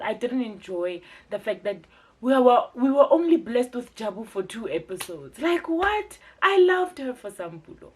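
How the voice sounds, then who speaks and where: A woman's voice: mid-range voice, big pitch swings, moderate pace, slightly rough. A South African woman hosting a casual, chatty TV recap vlog, mixing local words into her commentary. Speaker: TV review vlogger.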